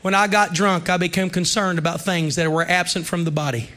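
Soft music plays in the background as a thirty-something man delivers a revival sermon in church, shifting from hushed stories to shouted calls to his congregation. He speaks a little fast in a high voice with fairly even intonation.

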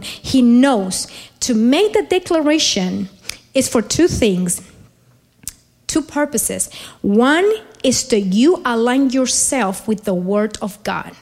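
A woman's voice: a little high, a little mellow. A woman preaching a sermon in an earnest, repetitive style that builds in emphasis.

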